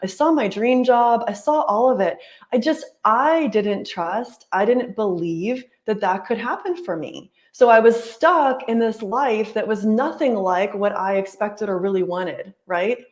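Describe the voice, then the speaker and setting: A woman's voice: medium pitch, measured pace. Chatty woman life coach, earnest. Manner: earnest, chatty, peppers speech with "like" and "right?". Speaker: life coach and yoga teacher. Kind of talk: casual interview storytelling.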